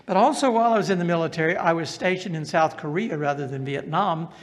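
A man's voice: on the high side, quick pace, long reverb tail. An older man from the American South with a Southern accent, telling his life story as a testimony and asking the audience questions. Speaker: speaker giving a testimony. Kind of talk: personal testimony talk.

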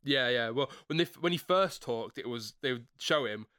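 Rambling, animated man. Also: mid-range voice, no echo, clean studio sound. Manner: rambling, halting restarts. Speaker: podcast co-host. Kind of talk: casual chat.

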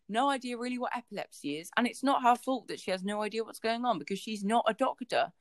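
A woman's voice: mid-range voice, dry recording. A woman co-hosting a book podcast, chatting casually and rambling with lots of fillers. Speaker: podcast co-host.

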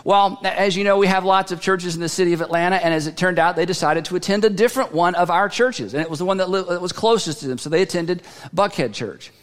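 Male pastor, high voice, conversational sermon storytelling, long reverb of a big church hall. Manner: conversational, halting restarts.

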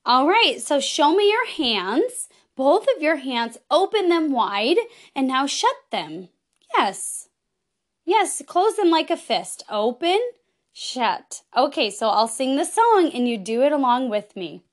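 High, lively woman teaching children. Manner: slow, exaggerated teacher-to-child delivery; bubbly, frequent laughs. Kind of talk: children's lesson, sing-along.

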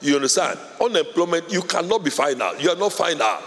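A male pastor preaching a sermon with fervor, building from quiet, urgent stretches to loud shouted declarations. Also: fairly high pitch, sing-song, quick pace. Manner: fervent preaching, rising to shouts. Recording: long hall reverb.

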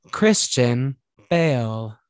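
A man's voice: mid-range voice, darkish tone, no room sound, clean studio sound. A man with a Midwestern accent co-hosting a podcast, bantering playfully with frequent giggles. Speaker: podcast co-host. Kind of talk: casual chat.

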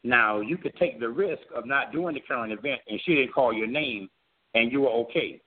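A man from Florida tells a long personal story to a talk show host, earnest and steady at a middle pitch. He acts out the voices of the people in his tale. His voice comes through a thin, tinny line that sounds like a phone. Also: moderate pace. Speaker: guest, former governor candidate.

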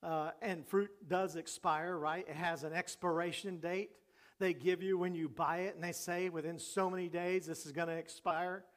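A man's voice: high-pitched, level tone, normal speed, a bit bright. A man pastor preaching a sermon in a conversational way, asking the congregation questions and joking along the way.

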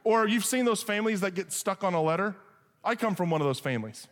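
A man preaching a sermon, telling a humorous story with lively asides and then reading scripture. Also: high-pitched, fast talker. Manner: animated, joking, shifts into acted voices for characters. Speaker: pastor. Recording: long hall reverb.

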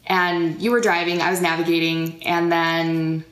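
A young woman chats through travel stories, laughing as she goes. Her voice sits a little low, and the room around her rings with echo. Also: little pitch movement, unhurried. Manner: chatty, laughs while telling. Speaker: podcast co-host. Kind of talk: casual chat.

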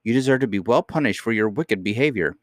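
A sharp-tongued, shrill nursemaid, raised in pitch and loud, scolding without letup, as a man acts her. The storybook voice is recorded dry and close. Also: expressive, fast, dry recording, close to an everyday voice. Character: scolding, shrill woman nurse, easily angered.

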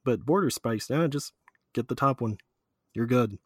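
Man, casual chat, rambling, filler-heavy, mid pitch, dry close recording. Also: normal speed, husky, dry recording. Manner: rambling, lots of fillers, laughs often.

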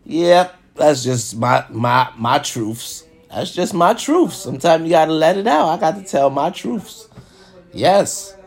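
A swaggering man rants to his audience in a casual, profane monologue, looping the same phrases again and again. His voice is husky and grainy, and his pitch leaps and dives all over. He lurches from loud boasts to near-murmurs. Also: expressive, a little slow. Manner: repeats phrases, big swings between loud and hushed. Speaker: host of an hour-long live show.

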